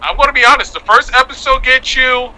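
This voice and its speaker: A man's voice: extremely high pitch, brisk, sharp tone, rough recording. A man who is a guest on a casual podcast, talking emphatically, laughing, and repeating himself for stress.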